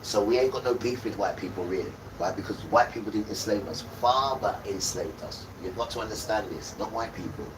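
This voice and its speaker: A man's voice: fairly low pitch, fairly quick, few pauses. A man hosting a livestream, delivering a scolding, sermon-like rant full of repeated insults. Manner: scolding, repetitive, hurls insults. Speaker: livestream host. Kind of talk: ranting sermon-like monologue. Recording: distant mic with loud background noise.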